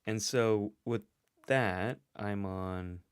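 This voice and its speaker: A man's voice: on the low side, very slow, clean tone, no echo, clean studio sound. A man hosting a casual livestream, thinking aloud and reading out chat comments. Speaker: host and psychologist. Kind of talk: casual livestream guessing game.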